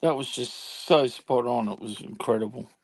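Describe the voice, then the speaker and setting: A man's voice: mid-range voice, normal speed, darkish tone, no room sound. A man bantering playfully in a casual chat. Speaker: guest in a chat stream.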